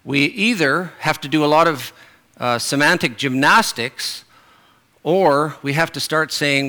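A man's voice: on the high side, unhurried, sharp tone. A middle-aged man preaching a sermon in a conversational way, with fillers and restarts.

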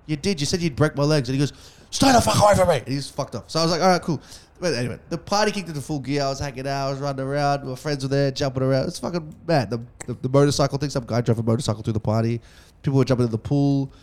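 A young man hosting a casual podcast, telling a story fast, swearing freely, and acting out each person's lines. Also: mid-range voice, darkish tone. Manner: fast, swearing, acts out dialogue.

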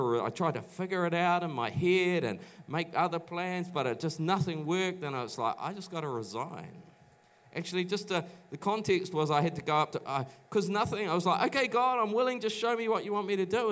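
A middle-aged man from New Zealand preaching a sermon, telling his own stories in a chatty way with many restarts and acted-out quotes. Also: on the high side. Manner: conversational storytelling, many restarts, acts out quoted voices. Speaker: pastor. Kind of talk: sermon with personal testimony. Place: church auditorium.

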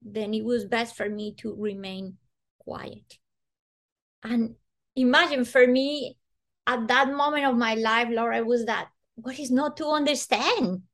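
A woman's voice: on the high side, unhurried. Earnest woman telling a personal story. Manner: earnest, animated, acts out quoted voices. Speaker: guest.

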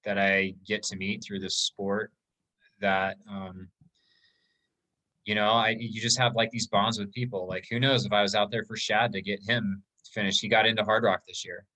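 A man's voice: lowish voice, level tone, normal speed, sharp tone, low-quality recording. A man on a podcast, telling an emotional story about an ultramarathon in a casual, rambling way with many fillers.

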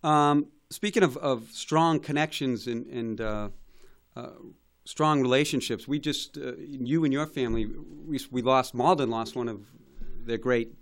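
A man's voice: medium pitch, a little slow. A man hosting a local talk show, asking questions and encouraging his guest, with some hesitant fillers. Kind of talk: casual interview chat.

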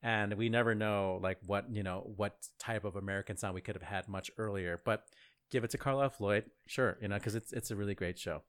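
A man's voice: lowish voice, brisk, clean tone. A man co-hosting a podcast, chatting casually about opera with many fillers and easy laughs. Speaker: podcast co-host.

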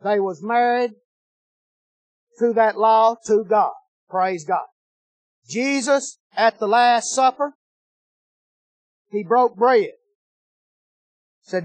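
A man preaching a sermon, telling a story in an animated, folksy way that swings between loud and low. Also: slow, pauses often, dry recording.

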